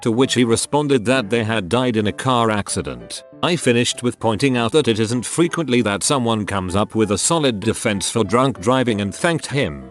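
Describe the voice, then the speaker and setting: A man reading out comedy stories as a narrator, in a lively storytelling manner. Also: medium pitch, moderate pace, few pauses, faint music behind. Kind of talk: scripted narration.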